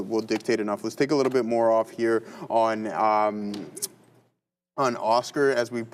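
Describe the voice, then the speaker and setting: A man's voice: mid-range voice, slight background noise. Chatty man calling live trades. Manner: chatty, calls out viewers, talks through trades. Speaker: day trading stream host. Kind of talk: casual live trading commentary.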